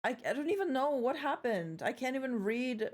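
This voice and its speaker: A young woman with a high-sitting, expressive voice talks at a moderate pace during a live stream. Chatty and playful, she jokes around with her audience, swears without hesitation, and drops sentences midway to begin again.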